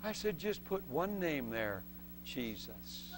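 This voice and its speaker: A man preaching a sermon as a testimony, telling a story with lively acted-out voices and laughs between points. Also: on the high side, slow pace, a little hiss or hum. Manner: acts out voices in the story and shouts the excited parts.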